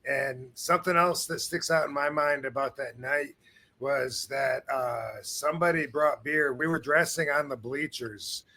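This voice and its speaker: A man hosting a podcast, chatting casually in a laid-back, drawn-out way. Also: mid-range voice, pushed and bright. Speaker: podcast host. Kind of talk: casual chat.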